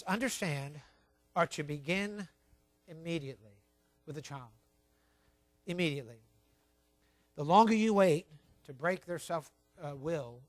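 A man preaching a sermon, emphatic and repetitive, telling his listeners to write points down, swinging between quiet asides and loud stressed words. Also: fairly high pitch, no echo. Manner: emphatic, repeats key points, tells listeners to write things down. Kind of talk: sermon on child training.

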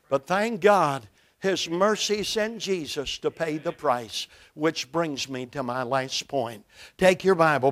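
An older man from Brooklyn, New York, preaching a sermon from a church pulpit with emphatic, dramatic swings between loud and soft. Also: on the high side, slow pace.

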